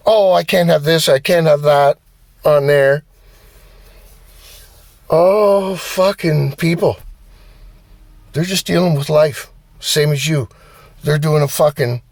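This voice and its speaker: A man's voice: fairly high pitch, gravelly, no room sound. A man giving a blunt, profane motivational rant as a vlogger. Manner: blunt, heavy swearing, animated. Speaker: vlogger and driver.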